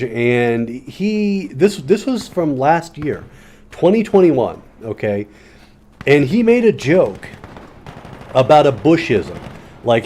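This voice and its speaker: A man's voice: medium pitch, mellow, a little hiss or hum. A man chatting loosely while playing a game, full of fillers and restarts, with sarcastic asides. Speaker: gaming commentator. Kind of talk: casual rambling commentary while playing a game.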